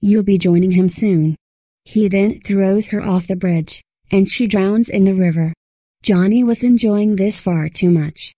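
A woman narrating a scripted horror story in a steady storyteller's reading. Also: medium pitch, unhurried, no room sound, poor audio.

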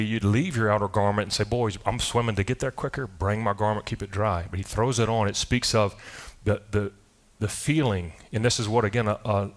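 Low-voiced man preaching a sermon. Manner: emphatic and conversational, with rhetorical questions; loose delivery with frequent restarts. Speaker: pastor. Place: church service.

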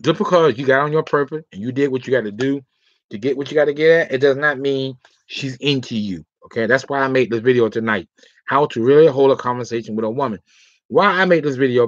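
A man's voice: medium pitch, no echo. Rambling man giving dating advice. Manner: rambling, filler-heavy talk ending lines with 'all right' and 'okay'. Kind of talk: casual livestream advice talk. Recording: dry, slightly dull lo-fi sound.

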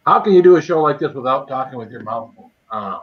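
A man with a mid-range voice speaks fast and animatedly as he hosts a casual livestream, sampling spicy food and greeting viewers by name between bites. The stream sound is dull and lo-fi.

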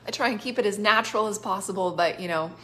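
Coughing and dosed on cough syrup, this woman is a prophetic minister delivering off-the-cuff prophetic words to viewers of a live stream. Her medium-pitched voice is a touch bright and she talks fast, chatty and gushing, with frequent laughter and plenty of "like." A faint hiss or hum sits under the recording.

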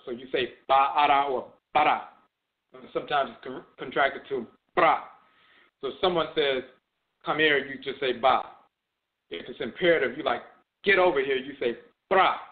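A man giving a spoken lecture on religion, repeating key terms for emphasis as he explains words. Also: medium pitch. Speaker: teacher of religion and language. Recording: tinny phone-like audio.

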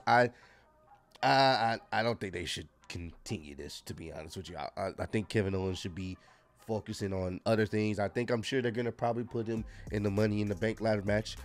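Laid-back man reviewing wrestling, faint music. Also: mid-range voice. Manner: laid-back, frank, many fillers and restarts. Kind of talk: casual solo review talk.

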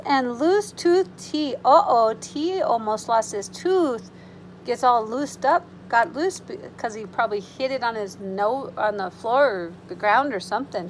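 A preschool teacher reading a picture book aloud to young children, using an animated storytime voice with gasps and gentle, reassuring asides. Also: female voice, high voice, a little hiss or hum, low-quality recording.

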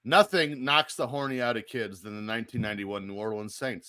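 A man's voice: on the low side, a little fast, pushed and bright, dry recording. A man co-hosting a podcast, reading movie facts and cracking dry jokes in casual chat. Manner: dry, wisecracking. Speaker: podcast co-host.

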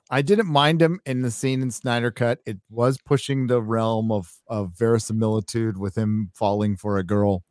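A man chatting casually as a guest, making quick, animated asides. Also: fairly low pitch, dry recording, studio quality. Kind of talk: casual chat.

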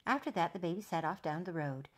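A woman storyteller reading a children's picture book aloud. Her voice rises and falls in a lively, sing-song way. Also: lowish voice, fast talker.

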